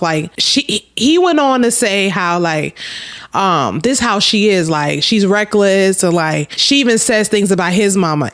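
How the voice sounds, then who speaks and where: A woman telling a storytime to her camera, candid and blunt, swearing freely and talking straight to her viewers. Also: medium pitch. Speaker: storytime vlogger.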